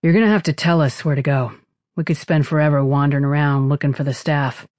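A narrator voicing a brisk male starship captain who gives blunt, commanding orders. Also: fairly high pitch, fairly even intonation, darkish tone, no echo, clean studio sound, lightly acted. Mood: businesslike.

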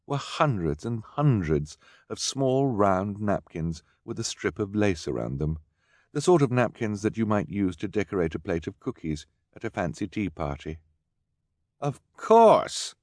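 A man's voice: low-pitched, a little mellow, no echo, clean studio sound. A man reading a story aloud as an audiobook narrator, telling it expressively.

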